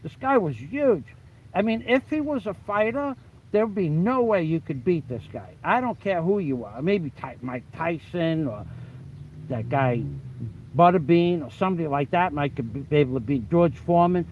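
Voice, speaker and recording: A man recounts an old tale in casual, profane storytelling. His voice sits a bit higher than most men's. He talks bluntly and animatedly, swears freely, and often trips over the start of a sentence. A faint hum of background noise sits behind him. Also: lively intonation, moderate pace, a little mellow, poor audio. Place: the Philippines.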